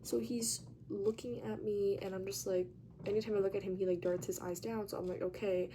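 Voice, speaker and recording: A young woman telling a story in a casual vlog, chatty and animated, with lots of "like" and free swearing. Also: medium pitch, a little fast, a little hiss or hum. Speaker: vlogger.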